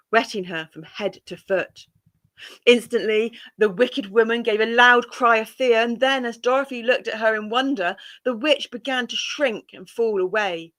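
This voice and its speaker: A woman reading a classic children's story aloud in a calm, measured way. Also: medium pitch.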